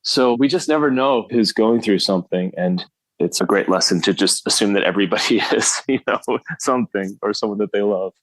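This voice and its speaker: A man's voice: lowish voice, brisk, dry recording. A man guest on a podcast, talking earnestly and often laughing as he speaks. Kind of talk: casual interview chat.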